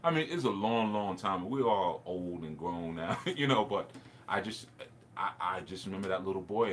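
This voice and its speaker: Low-voiced man telling a rambling story. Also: fairly bright tone, a little hiss or hum. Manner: rambling, frequent laughs and restarts. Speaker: spiritual teacher. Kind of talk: casual reflective storytelling.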